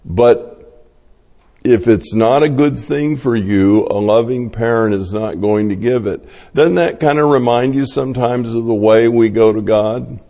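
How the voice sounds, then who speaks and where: A man preaching a sermon, telling stories slowly and acting out the voices of the people in them. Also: mid-range voice, mellow, big-room sound. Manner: slow, storytelling delivery acting out quoted voices. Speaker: pastor.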